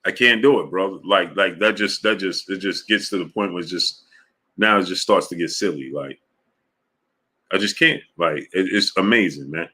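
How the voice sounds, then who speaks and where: A man running a live stream and reading out his viewers' chat, with a bright, forceful tone. He gets exasperated and repeats himself, his voice climbing high when he argues a point and sinking low and quiet when he gives up. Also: moderate pace. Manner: exasperated, repetitive, voice jumps high when arguing.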